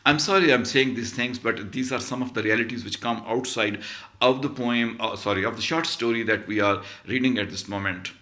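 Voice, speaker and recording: Man lecturing on literature, bright voice. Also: medium pitch, brisk. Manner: reads passages aloud, then explains them with emphatic repetition. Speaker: literature professor. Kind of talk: lecture on a short story.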